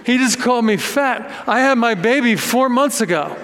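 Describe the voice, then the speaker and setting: A man's voice: very high-pitched, lively intonation, moderate pace, a bit bright, a faint crowd, voice pushed up, full character voice. A man voicing an indignant young woman and new mother with a Staten Island accent and a brassy, mocking manner. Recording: long echoey reverb.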